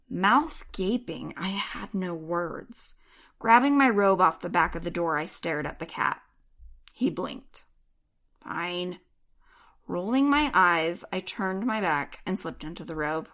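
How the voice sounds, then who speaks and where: A woman reading a first-person novel aloud in an even, measured way. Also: fairly low pitch. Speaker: audiobook narrator. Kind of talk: first-person audiobook narration.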